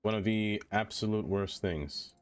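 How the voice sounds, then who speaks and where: Deep-voiced rambling male streamer. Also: unhurried, smooth, soft background music. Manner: rambling, self-deprecating, answers chat aloud. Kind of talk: casual live-stream chatter while building in a game.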